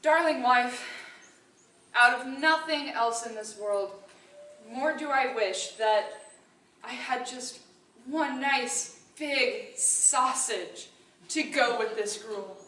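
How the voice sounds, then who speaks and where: A woman's voice: on the high side, takes it slowly, sharp tone. A woman voicing a poor, complaining old male woodcutter who begs and frets. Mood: eager. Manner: whining, then begging tearfully. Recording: roomy hall from far off.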